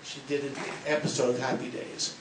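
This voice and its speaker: A man speaking haltingly in a panel talk, heard from far off in a noisy, echoey convention hall. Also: mid-range voice, level tone. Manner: halting, hesitant. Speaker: actor on a panel. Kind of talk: panel anecdote.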